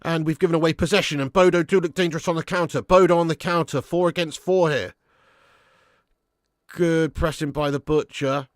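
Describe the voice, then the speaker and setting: Young male fan streamer, slightly high voice, dry close sound, chatty commentary with sweary outbursts. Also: normal speed, dry recording. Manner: excitable, swears and shouts at players, then drops to low mutters. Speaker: fan commentator hosting a live watch-along. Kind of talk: casual live-stream match commentary and chat reading.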